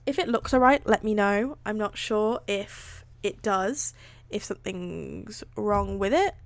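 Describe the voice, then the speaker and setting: A woman's voice: medium pitch, lively intonation, measured pace, gravelly, dry recording. A woman streaming live, reading fan fiction aloud between casual chat. She swears freely and makes self-deprecating asides. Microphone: streaming setup.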